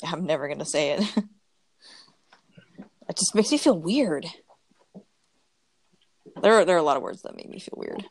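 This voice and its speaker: A woman's voice: fairly low pitch, expressive, moderate pace, long pauses, slightly rough, no room sound. A young adult woman chatting casually, laughing often and swearing offhandedly. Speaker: streamer and artist. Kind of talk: casual chat.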